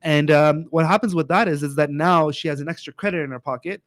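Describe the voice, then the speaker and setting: A man's voice: fairly high pitch, fairly quick, a bit bright, dry recording. Chatty male teacher, dry sound. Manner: chatty, many "you know" fillers. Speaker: teacher and podcast guest. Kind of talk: casual conversational explaining.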